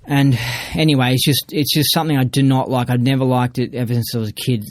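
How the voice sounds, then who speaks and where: A man's voice: medium pitch, level tone, fast talker. A man in a casual podcast monologue, ranting emphatically and swearing freely. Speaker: podcast speaker.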